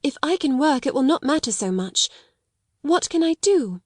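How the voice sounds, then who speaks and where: Woman reading as a proud, steady little girl. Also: high voice, normal speed, no echo, clean studio sound, voice pushed up. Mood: eager. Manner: quiet, steady, restrained.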